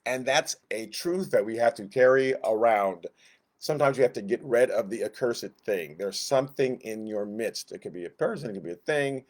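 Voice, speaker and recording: A man teaching a Sunday school Bible lesson in a conversational, animated way, acting out the quotes he reads. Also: medium pitch, moderate pace.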